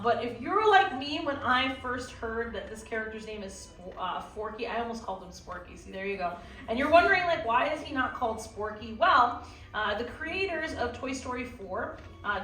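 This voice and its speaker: A woman's voice: a little high, a bit bright. Chatty woman teaching a drawing class. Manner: chatty, playful, lots of fillers. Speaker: art instructor. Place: theme park art classroom with audience. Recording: echoey room from far off.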